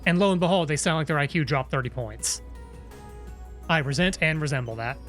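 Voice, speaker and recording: A man streams a video game and talks it through in a chatty, musing way. His voice sits a little higher than most men's. Soft game music plays under him. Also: lively intonation, a little fast. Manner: chatty, musing, playful asides. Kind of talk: live gameplay commentary.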